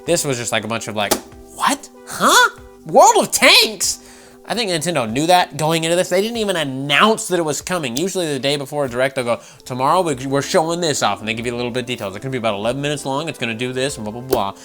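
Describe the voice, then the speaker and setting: A man's voice: mid-range voice, very fast, few pauses, a bit bright, soft background music. A man giving casual, sarcastic commentary on gaming news, swearing freely and laughing often.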